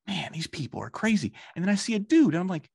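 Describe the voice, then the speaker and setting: A man in his thirties hosting a podcast, telling stories in a casual, profane, animated way. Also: sits high, fast, vocal fry, slightly rough, no room sound, studio quality. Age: 30s. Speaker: podcast host. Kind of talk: casual chat.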